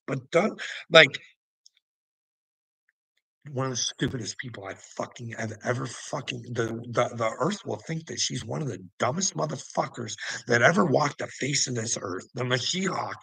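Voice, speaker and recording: A man with a gravelly, husky voice delivers a rambling, profanity-laden monologue straight to camera. His tone is tense and forceful, and the recording is dry and close. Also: mid-range voice, no room sound. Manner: swears constantly, rambling and preachy. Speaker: vlogger.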